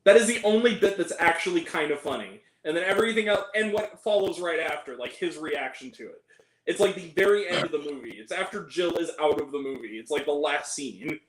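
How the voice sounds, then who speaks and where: A man hosting a casual chat about movies, animated and laughing often, acting out quoted lines. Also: a little high, brisk, roomy sound, crowd noise, poor audio. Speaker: channel host.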